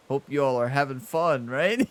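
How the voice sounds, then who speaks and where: This young man hosts a golf video game channel and talks in a mid-range voice while playing. His chatter is casual, full of laughter, and moves back and forth between frustration and excitement.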